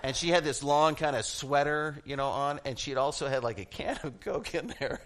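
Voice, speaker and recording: A middle-aged man preaching a sermon, telling funny stories with animated energy and laughing at his own jokes. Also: fairly high pitch, a little fast. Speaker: pastor.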